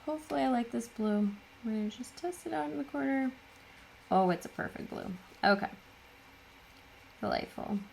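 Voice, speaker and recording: A woman's voice: a little high, lively intonation, moderate pace, creaky, pauses often, a little hiss or hum. A middle-aged woman hosting a casual crafting tutorial, chatty and full of self-deprecating asides. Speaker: craft channel host.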